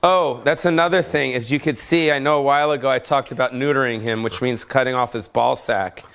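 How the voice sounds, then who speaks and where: A man's voice: mid-range voice, fairly even intonation, fairly quick, vocal fry, fairly bright tone, smooth. A man hosting his own podcast, rambling profanely and jokingly in an unplanned rant at home. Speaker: comedian podcast host. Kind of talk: casual unscripted rant.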